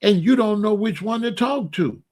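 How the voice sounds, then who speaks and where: A man's voice: high-pitched, expressive, moderate pace, a little mellow. A man talking casually and playfully in slang, giving loose, joking relationship advice straight to his listeners. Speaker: online talk host giving relationship advice.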